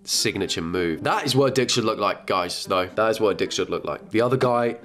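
A man's voice: on the low side, lively intonation, a little fast, music in the background. A young man giving comedic reaction commentary, exasperated and sweary, with grossed-out outbursts.

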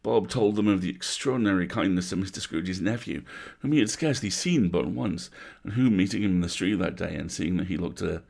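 Man, bedtime story reader, measured, atmospheric, very low voice, husky. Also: darkish tone. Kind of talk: livestreamed bedtime story reading.

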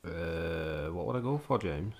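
A young man, a podcast guest who talks in a laid-back, quiet way, trailing off into murmurs. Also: low-pitched, animated, measured pace. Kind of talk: casual chat.

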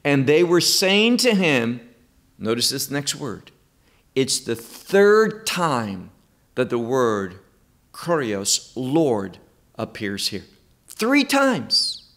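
A man teaching a Bible study sermon in an emphatic, deliberate, preacherly way. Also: mid-range voice, big pitch swings, fairly bright tone.

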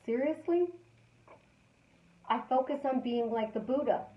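Female life coach, slightly high voice, chatty and repetitive; roomy, muffled livestream audio. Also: unhurried, pauses often. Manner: repeats affirmations, chatty storytelling. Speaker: life coach hosting a live stream. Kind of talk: casual motivational live-stream talk.

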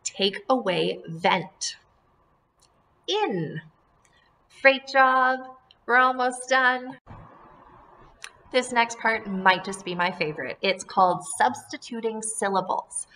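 Woman, grade-school teacher, very slow deliberate delivery, clear enunciation, bright voice. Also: a little high. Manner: encouraging teacher talk. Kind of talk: phonemic awareness lesson for young children.

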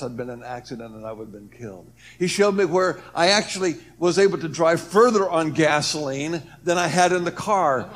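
A man giving a personal testimony, earnest, his voice swelling and dropping as he acts out what others said. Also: a little high. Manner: earnest, voice rises and falls with the story, acts out quoted speech. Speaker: speaker telling his near-death story.

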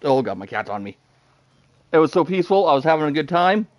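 A man giving live commentary while he plays a game, excitable, talking to himself and laughing often. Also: on the high side, quick pace, dry recording. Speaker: gaming streamer.

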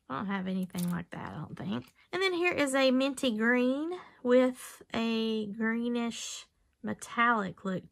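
A woman vlogger chatting casually as she unboxes things, gushing and easily excited. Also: on the high side, creaky. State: out of breath. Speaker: jewelry-making vlogger.

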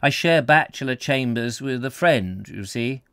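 A man voicing a fussy, overly polite middle-aged bachelor gentleman in a live book reading. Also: medium pitch, expressive, measured pace, clear, resonant tone, no room sound, clean studio sound, voice pushed up. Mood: insistent.

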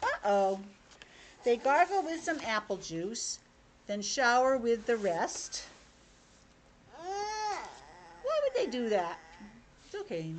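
Lively teacher reading to kids. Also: female voice, a little high, slow, long pauses, noisy background. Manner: animated, chatty asides to kids. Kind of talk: reading a picture book aloud to children. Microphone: video call.

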